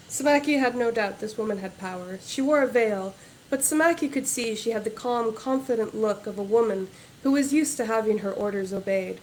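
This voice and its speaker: A woman author reading her historical fantasy novel aloud in a measured, even way. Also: fairly high pitch, slight background noise, low-quality recording.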